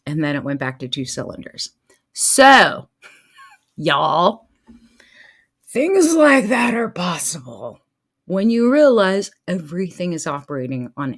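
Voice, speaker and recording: This life coach and show host, a woman in middle age, shares easygoing anecdotes with her audience. Her delivery is lively and full of laughter, and she shifts her pitch up and down to imitate what others said.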